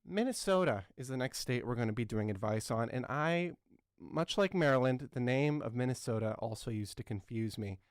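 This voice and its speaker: A man's voice: mid-range voice, lively intonation, normal speed, no echo, studio quality, close to an everyday voice. A man in his twenties playing an earnest, clueless talk show host who rambles and fills his talk with ums and uhs. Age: 20s. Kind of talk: satirical talk show comedy.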